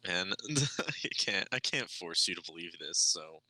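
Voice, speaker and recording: A man's voice: sits low, animated, unhurried, pushed and bright, rough recording. A man playing a tabletop game with friends, chuckling and half-earnest in character. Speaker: player. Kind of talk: casual tabletop game chat.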